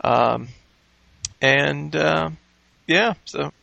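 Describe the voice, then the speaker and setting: A tired man hosting a casual podcast chat, rambling and halting with restarts. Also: on the high side, creaky, pushed and bright, no room sound, highs cut off. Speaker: podcast host.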